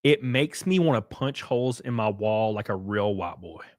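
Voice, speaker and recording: A man's voice: lowish voice, animated, moderate pace, no room sound, clean studio sound. A man hosting a casual commentary stream, ranting sarcastically and swearing freely. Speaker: streamer host.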